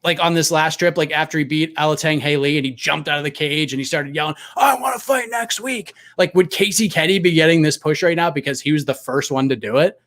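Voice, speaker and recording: Higher-voiced male guest, wandering, thinking out loud. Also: fairly even intonation, fast, few pauses. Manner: rambling, speculative, heavy on "like". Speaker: guest journalist. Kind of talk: casual sports talk chat.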